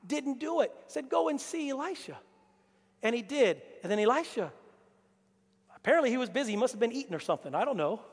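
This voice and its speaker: A man preaching a lively sermon to his congregation, acting out Bible characters in put-on voices. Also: extremely high pitch, a little fast, husky. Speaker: pastor. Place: church hall. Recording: long reverb of a church hall.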